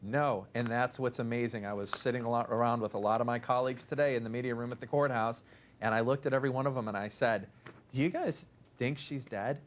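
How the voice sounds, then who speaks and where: A man's voice: mid-range voice, steady tone, fast. A man working as a reporter, talking a case through on a talk show with rambling restarts and quoted asides.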